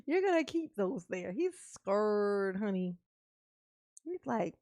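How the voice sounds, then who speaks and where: A woman's voice: medium pitch, big pitch swings, takes it slowly, darkish tone. A woman streamer chatting casually and laughing often as she reacts live and talks to her viewers. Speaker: streamer reacting to a court livestream.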